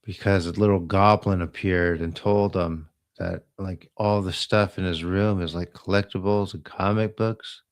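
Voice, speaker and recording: A man with a very low voice tells a story in a loose, rambling way. He talks slowly, drifting from one detail to the next and adding little asides as he goes. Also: fairly even intonation. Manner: slow, meandering retelling with trailing asides. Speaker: host of a live healing stream.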